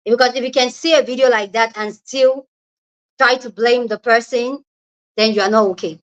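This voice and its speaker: A woman's voice: fairly high pitch, fairly even intonation, normal speed. Chatty Nigerian woman on a lo-fi livestream. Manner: chatty, greets viewers by name. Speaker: livestream host. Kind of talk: casual live chat reading comments. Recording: lo-fi livestream audio.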